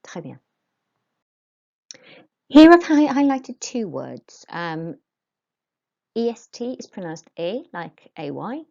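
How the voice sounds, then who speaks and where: Slow, mellow teacher woman. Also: lowish voice, sing-song, muffled recording. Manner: patient, clear classroom instruction with modelled pronunciation. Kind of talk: recorded language lesson.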